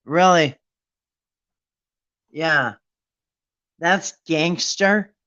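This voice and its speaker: A man's voice: on the high side, extremely slow, bright, forceful tone, clean tone, dull audio. A man hosting a casual live stream, talking in an indignant, mocking way and rambling with restarts. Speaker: livestream host.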